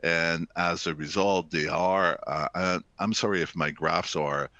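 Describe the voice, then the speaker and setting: Deep-voiced economist with many fillers. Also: male voice, fairly even intonation, a little slow, bright, forceful tone, dry recording. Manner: hesitant, many "uh" fillers, explanatory. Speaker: chief economist, guest speaker. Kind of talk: presentation.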